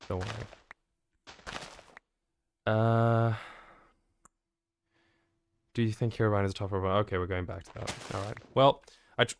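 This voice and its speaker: A man's voice: fairly low pitch, a little hiss or hum. A man streaming a building game live, chatty and joking as he reacts to viewer messages. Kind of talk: live gameplay stream, answering chat.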